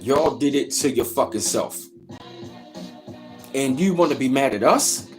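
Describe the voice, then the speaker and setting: A man's voice: mid-range voice, expressive, unhurried, soft background music. A man hosting a reaction channel, ranting in a heated, profane way and repeating himself with "yo". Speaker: commentary channel host.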